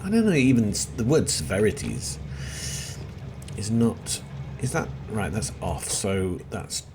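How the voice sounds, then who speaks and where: Middle aged guy chatting over a game, lowish voice, lots of ups and downs, mutters to himself, seagulls and noise in the back. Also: very animated, a little slow. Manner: chatty, self-deprecating, mutters to himself while playing. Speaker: let's play host. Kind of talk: rambling gameplay commentary. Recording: noisy background with seagulls.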